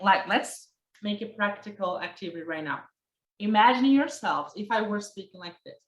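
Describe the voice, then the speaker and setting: A woman teaching presentation skills in a workshop, lively and talking straight to her listeners while she acts out examples. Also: mid-range voice. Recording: echoey room.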